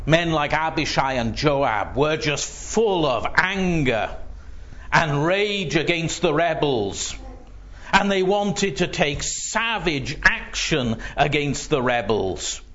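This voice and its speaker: A man preaching a sermon in a slow, earnest way, often dropping to a hushed voice as he quotes. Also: on the high side, sing-song. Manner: slow, earnest, voice drops to near-whisper when quoting. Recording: dull lo-fi recording.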